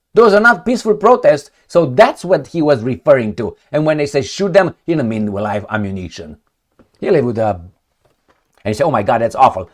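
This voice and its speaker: Commentary host, male: indignant, sarcastic delivery with pitch swinging all over. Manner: sarcastic, indignant, rhetorical questions. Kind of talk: heated political commentary.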